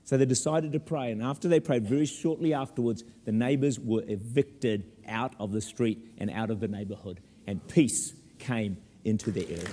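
A man preaching a sermon as pastor in a church, animated with humorous asides. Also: mid-range voice, normal speed, hardly any pauses, in a large hall, a faint crowd.

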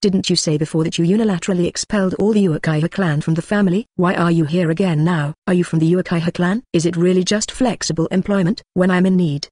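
This is a sharp-tongued grown man, a ninja who teases his rival in an audiobook, read by a flat machine-like narrator. The voice sits at a middle pitch with dry, close sound. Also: fast, hardly any pauses, dry recording, lightly acted. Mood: mocking. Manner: flat synthetic reading.

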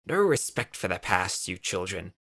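Guy doing a hoarse old hut owner, low gravelly drawl, dry close sound, kinda pushy. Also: very animated, no room sound, heavily acted. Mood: insistent. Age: older. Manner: slow, grows loud and urgent.

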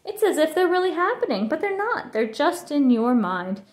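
A calm father bear voiced by a woman reader reassures his children in a steady way. The voice stays fairly high and moves easily, like a storybook parent. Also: moderate pace. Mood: reassuring.

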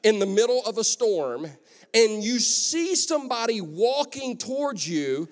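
A man preaching a lively sermon as pastor, conversational and joking, in a large church hall. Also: high-pitched, a little slow. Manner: energetic, conversational, joking asides. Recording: long echo of a church hall.

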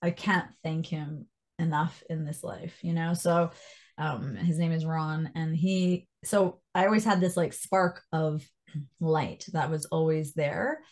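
A Canadian woman in her thirties, a guest telling her life story in an interview, animated and quoting people with lively jumps in her voice. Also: deep voice, slow.

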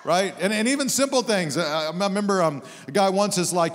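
Middle-aged pastor with a high-ish voice in a reverberant hall. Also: male voice, a little fast, few pauses. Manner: animated, humorous storytelling. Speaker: guest pastor. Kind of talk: sermon. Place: church sanctuary.

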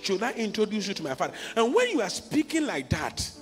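Ghanaian male pastor, 40s; high, very animated delivery, hushed one moment, shouting the next. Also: brisk, faint music behind. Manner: impassioned preaching that swings from hushed storytelling to shouting. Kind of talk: sermon.

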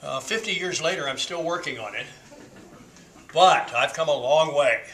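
A man in his seventies telling a story to a class in a folksy, unhurried way with frequent fillers. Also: on the high side, a bit bright, poor audio. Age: 70s. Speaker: class speaker.

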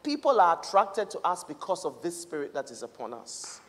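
A woman's voice: on the low side, very animated, moderate pace, a little hiss or hum. A woman reverend preaching a sermon with emphatic, repetitive phrases that build in cadence. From England. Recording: long reverb of a large hall.

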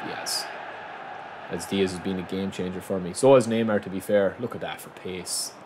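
Excitable man calling his football game. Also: deep voice, moderate pace. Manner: excitable, reacting aloud, keeps calling viewers lads. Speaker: gaming channel host. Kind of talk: live football video game commentary. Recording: noisy game sound mix.

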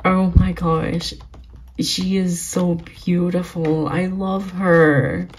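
A young woman vlogging as she plays a video game, giggly and gushing, often breaking into excited exclamations. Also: lowish voice, extremely slow, slightly rough, poor audio. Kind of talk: excited gaming vlog commentary.

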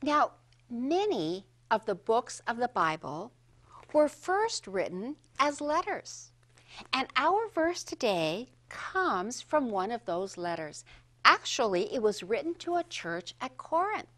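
Sing-song woman teaching a children's Bible lesson. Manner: slow, sing-song, highly expressive storytelling; leads children in call-and-response.

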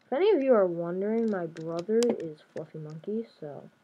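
This gaming YouTuber, a young woman, talks to herself in a chatty, playful way while commenting on her game. Her voice sits on the low side, animated and brisk. The highs are cut off, and slight background noise plus keyboard and mouse clicks can be heard.

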